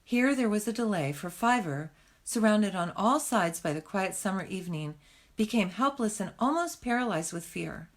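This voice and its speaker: A woman reading a novel aloud in a gentle, plain storytelling manner. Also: medium pitch, lively intonation, normal speed. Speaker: reader.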